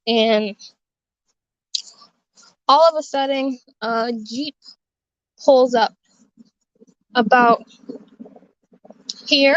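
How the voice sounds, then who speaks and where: A woman's voice: fairly high pitch, drawn-out words, pauses often, no room sound, muffled recording. A woman telling her viewers a personal story in her childhood neighborhood, in a rambling, earnest way with many fillers and restarts. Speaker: vlogger sharing a testimony. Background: music.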